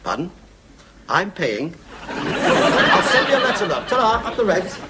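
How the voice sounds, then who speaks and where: A cheeky immigrant. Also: male voice, high-pitched, sing-song, unhurried, a loud crowd, very noisy. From England. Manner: chatty, needling, laughs at his own jokes. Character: cheeky, mouthy English immigrant man, quick to insult. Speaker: sitcom character, English newcomer. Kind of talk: 1970s studio sitcom acting. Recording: 1970s TV sitcom with loud studio audience laughter.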